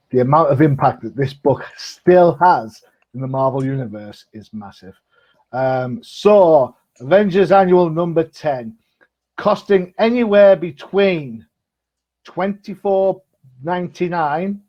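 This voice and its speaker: A man's voice: mid-range voice, lo-fi sound. A man, co-hosting a casual comic book chat show, talkative and jokey with frequent ums. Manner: chatty, jokey, lots of ums. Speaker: comic podcast co-host.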